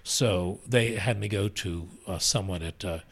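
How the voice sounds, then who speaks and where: An older man, a stage actor, telling backstage stories as a guest in a casual chat, animated and frank with a salty edge. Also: low voice, unhurried.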